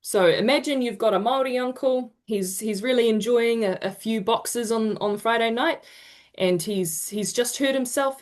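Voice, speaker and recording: A woman presenting an online pronunciation lesson, encouraging her group and stretching out example sounds. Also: a little high. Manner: encouraging, drawn-out demonstration sounds. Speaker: te reo Māori workshop presenter. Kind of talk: online teaching session. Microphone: video call.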